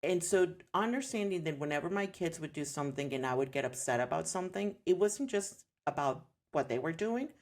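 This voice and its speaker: A woman's voice: sits low, brisk, hardly any pauses. A woman in her thirties sharing her story in a candid interview, earnest and reflective. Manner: earnest, reflective, animated when quoting others. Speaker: podcast guest, homeschooling mom.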